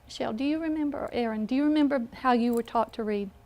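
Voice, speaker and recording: A woman's voice: fairly high pitch, a little mellow. A woman with a Southern American accent, teaching a phonics class in a classroom and checking in with a patient "okay?". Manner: slow, patient, with frequent "okay?" check-ins. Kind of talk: classroom lesson.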